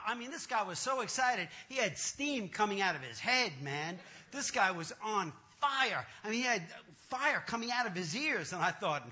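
A man telling a comic personal testimony in an animated, self-mocking way, often laughing at himself. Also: high-pitched, moderate pace.

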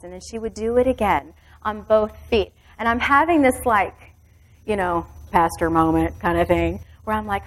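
A middle-aged woman pastor telling a personal story in a sermon, vivid and intimate. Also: a little high.

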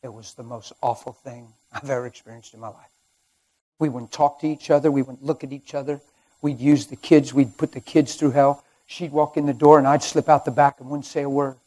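A middle-aged man preaching, his voice husky and slightly breathy at a middling pitch. He tells his testimony dramatically, dropping to near-murmurs and then rising loud for emphasis. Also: fairly even intonation, a little fast. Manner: dramatic storytelling, swings from quiet to loud. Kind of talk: sermon testimony.

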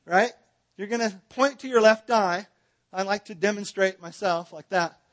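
A man's voice: high voice, moderate pace, fairly bright tone. A man teaching a Bible seminar in a church, joking with and directing his audience.

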